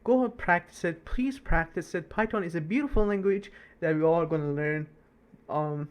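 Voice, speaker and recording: A young man giving a screen-recorded coding lesson, talking fast with many fillers and self-corrections. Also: fairly high pitch. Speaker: coding teacher.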